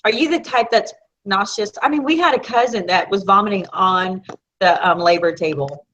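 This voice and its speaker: A woman's voice: medium pitch, normal speed. Chatty Southern woman, lo-fi sound. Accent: Southern American. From Florida. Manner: chatty and animated storyteller. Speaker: co-host of a live video chat. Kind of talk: casual chat. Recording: dull lo-fi sound.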